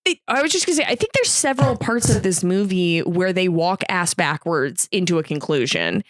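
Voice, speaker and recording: A woman's voice: on the low side, animated, brisk, no echo, clean studio sound. A woman co-hosting a podcast, trading wry, sarcastic quips about a movie and laughing often. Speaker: podcast co-host. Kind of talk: casual movie review chat.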